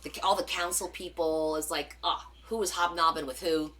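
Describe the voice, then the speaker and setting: A woman's voice: deep voice, normal speed. A middle-aged woman with a New Jersey accent, chatting casually on a live stream and acting out the voices in her stories, with many fillers. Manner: animated, acts out quoted voices, many fillers. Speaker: live stream crafting host. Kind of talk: casual storytelling chat.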